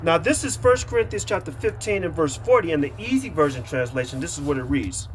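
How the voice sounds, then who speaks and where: A man's voice: fairly high pitch, animated, fairly quick, a little hiss or hum. A man preaching a sermon, reading Bible verses aloud and repeating them, with many fillers and emphatic lists. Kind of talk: street-camp sermon, reading scripture aloud.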